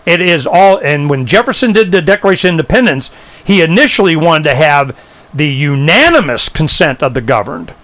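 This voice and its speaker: A man hosting a live talk show, ranting in a blunt, emphatic way. His voice sits high for a man and swings widely as he spins one story into the next. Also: lively intonation, a little fast, fairly bright tone.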